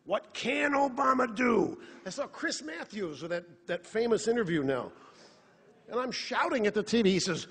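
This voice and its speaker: A man giving a live political monologue on a theater stage, animated, sarcastic and rhetorical. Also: sits high, moderate pace, breathy edge. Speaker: radio talk show host on stage. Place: theater stage before an audience. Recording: long reverb of a theater hall.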